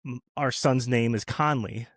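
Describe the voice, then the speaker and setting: A man's voice: mid-range voice, a little slow, no room sound, studio quality. A man telling a long personal story in a casual podcast chat, rambling with many fillers and restarts and laughing often. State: new father. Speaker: podcast guest.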